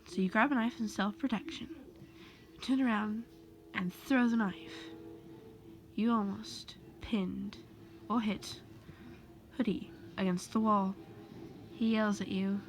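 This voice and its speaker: A woman's voice: mid-range voice, fairly even intonation, unhurried, pauses often, a little hiss or hum. A woman casually reading a second-person fan story aloud, rambling and correcting herself as she goes. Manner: loose, rambling delivery with self-corrections. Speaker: amateur storyteller.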